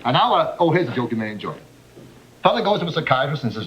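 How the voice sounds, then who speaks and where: A man's voice: a little high, sing-song, fast talker. A man telling brash, wisecracking jokes as a comedian in a nightclub sketch. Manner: brash, wisecracking, punchline delivery. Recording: dull 1960s TV audio with loud studio audience. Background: studio audience laughter.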